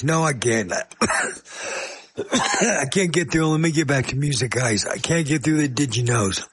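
A male radio host chats casually between songs, his fairly high voice scratchy and hoarse from a chest cold. He is apologetic and self-deprecating, stopping now and then to cough and clear his throat. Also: animated, normal speed, dry recording.

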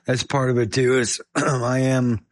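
A man hosting a radio music show, talking casually in a scratchy, hoarse voice while fighting a chest cold and coughing now and then. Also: mid-range voice, flat delivery, unhurried. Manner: chatty, self-deprecating, apologetic.

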